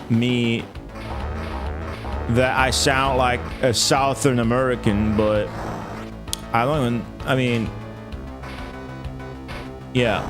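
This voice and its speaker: A man, rambling and swearing through live gameplay stream chatter, laughing often and jumping into high exclamations. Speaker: game streamer. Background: game music.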